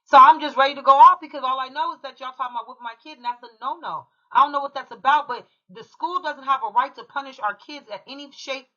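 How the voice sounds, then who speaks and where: Fast-talking fired-up woman, bright tone. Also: sits high, highs cut off. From California. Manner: emphatic, profane, fired-up. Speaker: true crime commentary channel host. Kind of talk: heated personal storytelling.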